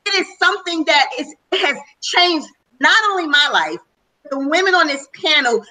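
A woman's voice: high-pitched, moderate pace. A woman telling her own story as a panelist on a conference call, speaking emphatically and repeating herself for stress. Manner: emphatic, repetitive, animated storytelling. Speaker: panelist sharing testimony. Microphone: conference call line. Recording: distant from the mic.

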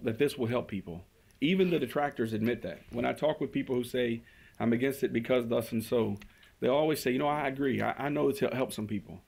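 A man's voice: medium pitch, vocal fry, a little mellow, slightly rough. A man, a state representative, giving earnest testimony at a committee hearing, stumbling over and repeating words as he builds his case. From Kentucky. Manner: earnest, repeats words when starting phrases.

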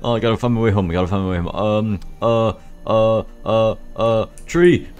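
A man's voice: lowish voice, normal speed, darkish tone, clean tone, natural voice. A man voicing a goofy, whiny animatronic bear who stammers as he talks in a game machinima. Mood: distressed.

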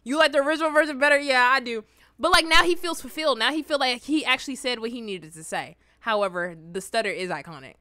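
A young adult woman hosting a reaction video, telling stories in an animated, slangy, exclamatory way. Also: high-pitched, quick pace, no room sound, clean studio sound. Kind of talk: casual reaction commentary and storytelling.

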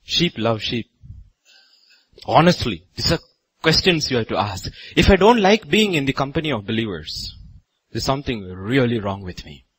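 A man pastor from India preaching a sermon in a church, with sudden loud rises on repeated phrases. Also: mid-range voice, big pitch swings, normal speed, slightly rough, rough recording.

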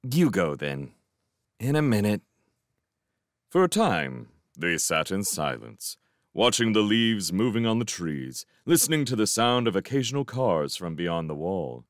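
A man reading a children's fantasy novel aloud, with expressive, dramatic storytelling. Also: fairly low pitch, moderate pace, dry recording, clean studio sound. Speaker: audiobook reader. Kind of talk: scripted storybook narration.

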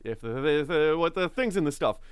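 A man co-hosting a casual podcast with a smooth, clear voice. He talks in a relaxed way, recorded dry and close. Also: a little high, brisk, no echo. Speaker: podcast co-host and producer.

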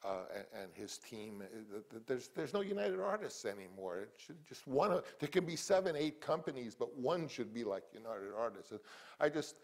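An older man, a film director, answering interview questions and reminiscing in halting speech full of restarts and repeated words. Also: medium pitch, sing-song.

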